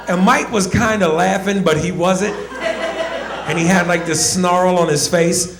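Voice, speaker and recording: A man's voice: high voice, measured pace, roomy sound. Brash male stand-up comedian. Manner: brash, storytelling.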